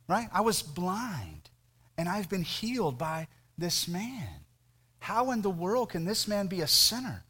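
A once-blind man speaking up with earnest, plain conviction, as a male preacher puts him on. His voice sits fairly high and moves a lot, slowing down on the key words. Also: pushed and bright, breathy edge, heavily acted.

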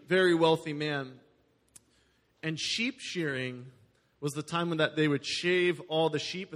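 Preacher with a higher voice in a reverberant hall. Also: male voice, a bit bright. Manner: conversational, explains the story in plain words. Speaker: pastor. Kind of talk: sermon, reading scripture with casual asides.

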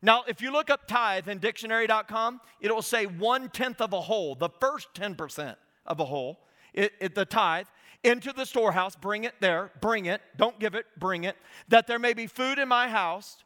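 A middle-aged man preaching a sermon as a guest speaker, animated and storytelling, acting out his talks with God. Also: sits high, normal speed. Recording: reverberant hall.

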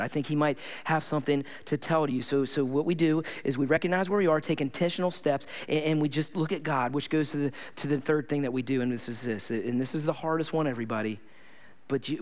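A male pastor preaching a sermon, telling stories animatedly and repeating phrases for emphasis. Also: on the high side.

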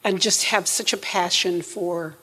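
A woman from upstate New York with a Northern US accent, giving a personal testimony to a church in a warm, self-deprecating way with frequent ums. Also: lowish voice, steady tone, a little slow, husky, long reverb tail.

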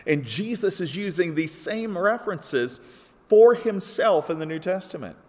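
A man's voice: high voice, expressive, a little slow, darkish tone. A pastor delivering a sermon, earnest and explanatory, rising to emphatic peaks when he quotes scripture. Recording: long hall reverb.

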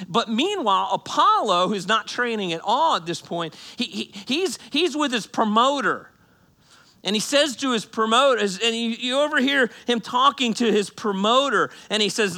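A man preaching a sermon to a congregation in a church, retelling a story with animated, joking delivery. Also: high-pitched. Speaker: pastor.

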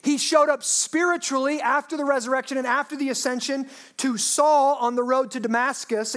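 A woman pastor preaching a sermon in a lively, humorous way, asking her listeners rhetorical questions. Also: high voice.

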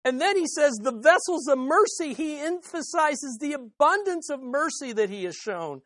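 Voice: sits high, expressive, moderate pace, no room sound, clean studio sound. A pastor preaching an expository sermon, stressing and repeating key phrases and asking rhetorical questions, then answering them. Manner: swings between loud peaks and hushed asides.

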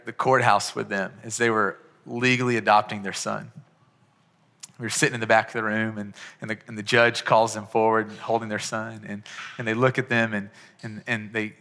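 A man's voice: medium pitch, pushed and bright. A man preaching a sermon as pastor, impassioned and swelling to fervent peaks. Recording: long hall reverb.

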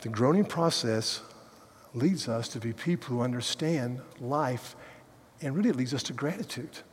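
A man preaching a sermon as a pastor, animated, going from loud sarcasm to quiet earnestness. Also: mid-range voice, moderate pace, a little hiss or hum. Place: large church hall. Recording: hall reverb.

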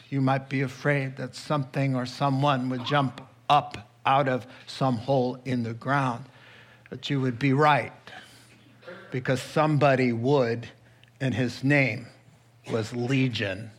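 A man's voice: mid-range voice, level tone, a little slow, fairly bright tone. A man preaching a sermon as pastor, telling a scripture story with asides.

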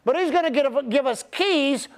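A middle-aged man preaching a sermon as pastor, stretching key words and calling on the congregation to repeat after him. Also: very high voice. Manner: preacherly, drawn-out emphasis, audience call-and-response.

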